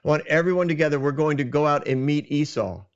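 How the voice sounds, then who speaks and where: Give me an earnest, reassuring old patriarch, put on by a man, slightly high voice. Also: quick pace, smooth, muffled recording, lightly acted.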